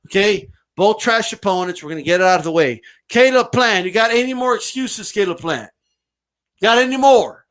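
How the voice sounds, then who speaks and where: A man's voice: high voice, animated, moderate pace, a bit bright. A man giving a brash, mocking, profane rant as a boxing commentator. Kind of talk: ranting commentary vlog.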